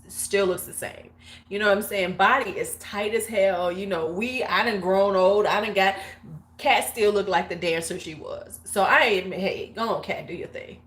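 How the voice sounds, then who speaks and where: A woman in her forties hosts a casual beauty livestream and slides into a long, gossipy tale. Her voice sits in an ordinary middle register, and her delivery is loose and frank. She keeps a lively, salty storytelling rhythm over a webcam mic. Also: mid-range voice.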